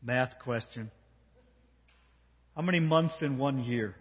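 A man preaching as pastor, telling a story and talking directly to a child and the congregation with animated delivery. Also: medium pitch, takes it slowly, husky. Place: church sanctuary. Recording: dull sound with long hall reverb.

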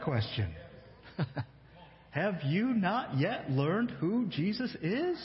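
A man preaching a sermon, retelling scripture slowly and with emphasis, acting out the quotes. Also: sits high, big pitch swings. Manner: slow, emphatic storytelling with acted-out quotes. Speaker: pastor. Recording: echoey hall, dull lo-fi sound.

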